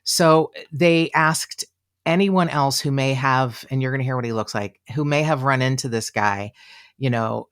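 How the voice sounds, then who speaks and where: A podcast co-host casually walks through a true-crime case, chatty and animated, acting out quoted voices and saying "you know" a lot. The voice is smooth and middle-pitched at normal speed.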